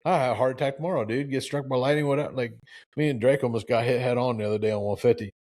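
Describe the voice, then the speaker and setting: A man in his forties hosting a live talk show, preachy and animated, with lots of restarts and acted-out quotes. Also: mid-range voice, racing. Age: 40s. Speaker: show host.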